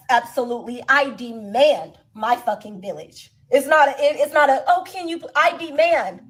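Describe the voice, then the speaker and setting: A woman's voice: sits high, low-quality recording. A woman hosting a live stream, ranting bluntly and profanely with heavy repetition. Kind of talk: ranting commentary.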